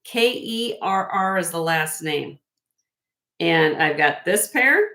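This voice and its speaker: A woman's voice: on the low side, lively intonation, takes it slowly, sharp tone, poor audio. A woman with a Midwestern accent hosting a live-stream jewelry sale, chatty and effusive as she shows off each piece. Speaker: host selling vintage jewelry on a live stream. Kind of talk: live-stream sales chat.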